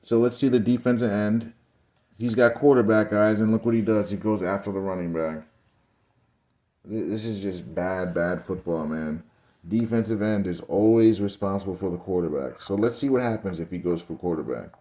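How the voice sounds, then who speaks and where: A man's voice: lowish voice, moderate pace, warm tone. A young man giving casual video commentary over game footage, ranting in exasperation and calling his viewers guys and bro. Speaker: football commentary channel host.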